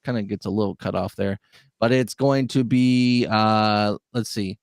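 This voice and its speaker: A man's voice: lowish voice, fairly even intonation, measured pace, no echo. Male co-host, casual and rambling, dry room. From Chicago area. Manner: rambling, many fillers and restarts. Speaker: podcast co-host. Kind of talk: casual interview chat.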